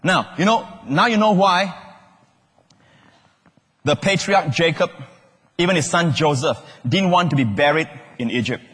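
A man preaching a sermon in a large hall, animated, questioning the congregation and shouting out key words. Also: a little high, unhurried, pauses often, slightly rough. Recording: long hall reverb.

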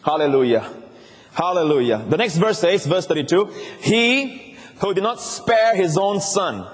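A man preaching with a somewhat high voice, drawing out key words and urging the congregation to repeat them. His voice rings with long reverb through a large church hall. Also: lively intonation, a little slow. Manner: emphatic call-and-response preaching. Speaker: pastor. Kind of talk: sermon.

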